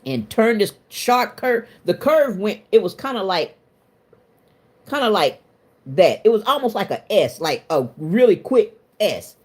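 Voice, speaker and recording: Middle-aged woman, stream host, lively storyteller with a wide-ranging pitch and a colloquial, self-mocking delivery. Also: a little slow, slightly rough. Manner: animated, laughs often, colloquial and self-mocking. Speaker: livestream host. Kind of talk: casual storytelling to a live chat.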